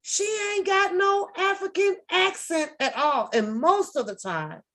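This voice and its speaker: A woman's voice: very high-pitched, sing-song, a little slow, fairly bright tone. A woman giving casual reaction commentary, talking bluntly with plenty of profanity, rambling, and throwing in sarcastic asides. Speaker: reaction video host.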